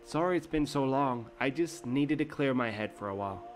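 A man's voice: medium pitch, animated, brisk, lightly acted. A man voicing a mild, courteous young hero. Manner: mild, courteous, formal phrasing. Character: polite, reserved young man, the game's hero. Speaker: game protagonist and narrator. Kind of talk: scripted game narration. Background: game music.

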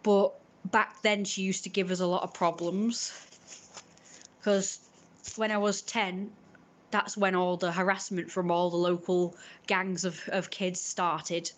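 A woman's voice: fairly low pitch, level tone, measured pace. A young woman streaming casually, chatting in a rambling way while she cooks and opens parcels, often stopping to correct herself. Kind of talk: casual chat.

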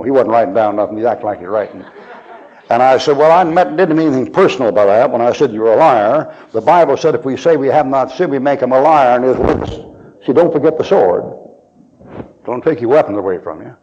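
A man's voice: medium pitch, fast talker. Folksy man preaching on old tape. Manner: folksy, animated storytelling with quoted voices. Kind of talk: storytelling sermon. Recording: dull lo-fi archival sermon tape.

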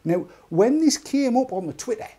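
A man's voice: very high voice, lively intonation, moderate pace, mellow, slightly rough. An English man co-hosting an online talk show, chatting casually and reading a news story aloud with wry, jokey asides. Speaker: podcast co-host.

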